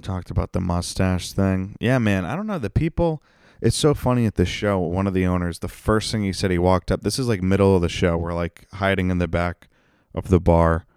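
A man's voice: low-pitched, fairly quick, darkish tone, clear, resonant tone, no room sound, studio quality. A man hosting a comedy podcast, venting in a profane, ranting casual monologue.

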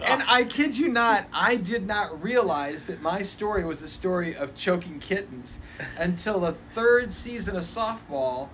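A man in his fifties, a former pastor, telling lively childhood stories in a casual podcast chat, laughing often. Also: high voice, a little slow. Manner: animated storyteller, laughing often. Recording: noisy recording.

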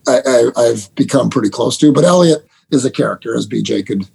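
A middle-aged man, a basketball head coach, telling animated stories with laughter and quick restarts in a casual interview. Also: medium pitch, vocal fry, slightly rough. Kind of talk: storytelling guest in a casual interview.

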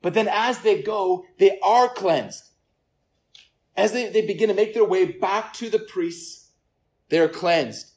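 A slow-paced, mid-range voice carries this pastor's sermon to a congregation in a church service room. He speaks earnestly, repeating words often and going quiet when he wants to stress something.

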